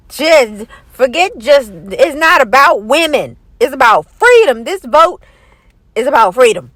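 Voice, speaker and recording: Woman with a light, scratchy, lively high voice. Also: normal speed, no echo. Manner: emphatic and animated, acts out other people's lines. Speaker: vlogger. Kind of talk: casual opinion commentary.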